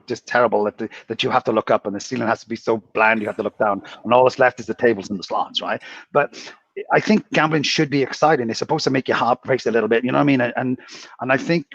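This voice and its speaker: A man, a casino dealer, rambling through anecdotes and often clearing his throat. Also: mid-range voice, fairly bright tone, dry recording, highs cut off. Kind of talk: casual chat.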